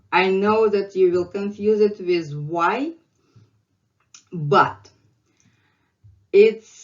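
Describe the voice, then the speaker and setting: A woman's voice: mid-range voice, lively intonation, slow pace, long pauses, muffled recording. A woman with a Russian accent teaching the alphabet, patiently repeating each sound many times. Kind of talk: slow alphabet lesson with drilled repetitions.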